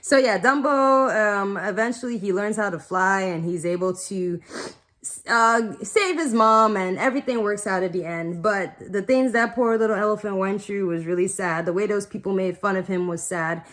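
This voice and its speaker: A woman's voice: mid-range voice, moderate pace, fairly bright tone. A young adult woman casually chatting to camera, rambling with many fillers and getting emotional now and then. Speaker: vlogger.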